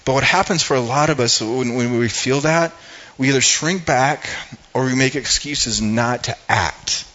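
An older man tells a story from his own life as part of a sermon. His pitch sits in the middle, and his delivery is loose and chatty, full of restarts and asides. The recording sounds a little dull and lo-fi. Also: moderate pace, a bit bright. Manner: rambling and conversational, with many restarts and asides. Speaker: speaker giving a devotional talk.

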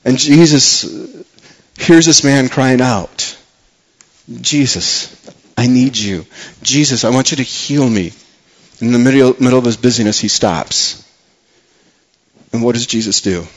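A man preaching a sermon as a pastor, earnest, repeating words for emphasis and dropping soft and low on key phrases. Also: unhurried, pauses often.

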